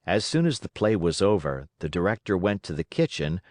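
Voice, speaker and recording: A man narrates a classic fairy tale for English learners. His voice sits on the low side but moves with lively, animated pitch. The sound is dry and close to the mic. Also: brisk, no echo. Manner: expressive, lively storytelling. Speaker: storyteller.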